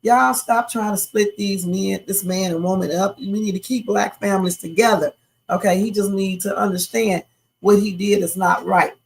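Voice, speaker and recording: Woman host, live reaction stream, opinionated and chatty, gravelly edge. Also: medium pitch, fairly even intonation, normal speed, rough recording. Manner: chatty, opinionated, talks to viewers as y'all. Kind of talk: casual live reaction commentary.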